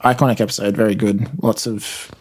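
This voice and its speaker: A man co-hosting a podcast, calmly and thoughtfully explaining scenes in casual chat. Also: on the low side, fairly quick. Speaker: podcast co-host.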